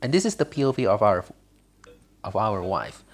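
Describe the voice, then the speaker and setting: A man's voice: lowish voice, big pitch swings, moderate pace. A man casually commenting on a mobile game he is playing, rambling with slips. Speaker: gaming channel host.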